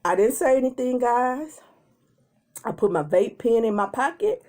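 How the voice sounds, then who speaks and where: Animated woman telling a story time. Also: a little high, moderate pace. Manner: animated storytelling, acts out quotes in changing voices. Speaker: mukbang vlogger.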